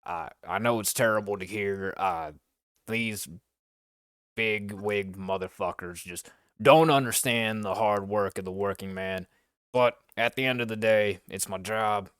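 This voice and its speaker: A man's voice: fairly low pitch, unhurried, fairly bright tone, clear, resonant tone, no echo, clean studio sound. A man playing a character in a tabletop game, casual and swearing freely. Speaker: player.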